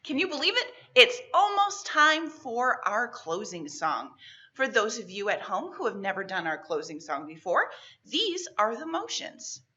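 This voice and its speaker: A woman's voice: fairly high pitch, big pitch swings, breathy edge, highs cut off. A woman librarian reading a picture book aloud and leading a storytime for children. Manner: warm, slow, sing-song delivery for kids.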